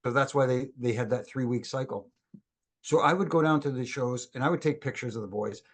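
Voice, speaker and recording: A middle-aged man, a former wrestling referee, telling lively stories as a guest on a casual podcast. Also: mid-range voice, a little fast, slightly rough. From Canada. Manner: lively anecdotal storyteller who acts out quoted dialogue.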